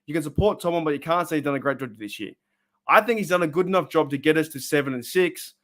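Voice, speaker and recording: An Australian man streaming live from his own room, with a slightly high voice. He rants bluntly and emotionally about his team, swinging from loud outbursts to low mutters. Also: fast talker. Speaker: sports fan streamer.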